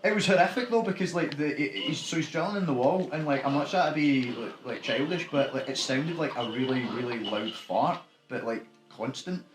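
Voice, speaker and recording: A man's voice: medium pitch, fairly quick, few pauses, noisy background. A Scottish man rambling and swearing freely as he chats over a co-op video game. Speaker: gaming co-host. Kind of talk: casual let's-play banter. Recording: echoey room with game music. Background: video game music.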